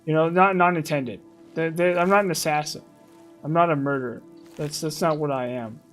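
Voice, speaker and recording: A man's voice: on the high side, normal speed, fairly bright tone, soft background music. Rambling man streaming a game. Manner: rambling, many restarts and repeats. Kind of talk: casual gameplay commentary.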